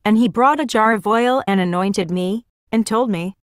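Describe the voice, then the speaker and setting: Woman, middle pitch, earnest plain storytelling, religious vision testimony, dry close recording. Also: normal speed, no echo.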